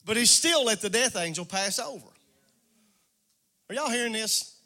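A preacher delivers a call-and-response sermon in a high, ringing voice. He talks straight to the congregation, calls people out by name and draws a response from them. His delivery climbs into a sing-song chant as the message builds. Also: expressive, moderate pace, pushed and bright. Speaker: pastor.

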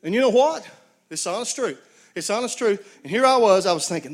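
A man's voice: high voice, lively intonation, brisk. A man preaching a sermon, folksy storytelling with call-and-response to his congregation. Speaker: pastor.

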